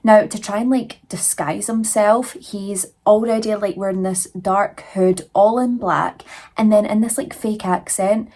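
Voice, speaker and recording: A woman's voice: mid-range voice, steady tone, unhurried, a little mellow. A young woman casually retelling a true crime story in a chatty, conversational way, full of fillers and asides.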